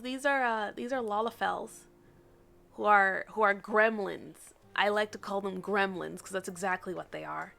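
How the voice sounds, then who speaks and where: A woman's voice: mid-range voice, steady tone, moderate pace, creaky, fairly bright tone. A young woman streaming a game live, chatting playfully, teasing the characters and laughing often.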